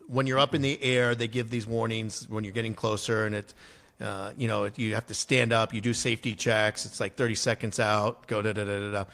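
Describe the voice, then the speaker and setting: A man who is a guest on a podcast and a former army officer, telling stories in an animated way and swearing casually. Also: medium pitch. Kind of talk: casual interview storytelling.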